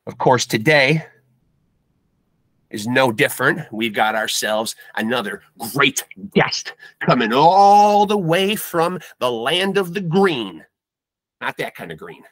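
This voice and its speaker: A man's voice: mid-range voice, lively intonation, slow, a bit bright, no room sound. A man hosting a comedic podcast with hammy, bombastic showman patter. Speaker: podcast host.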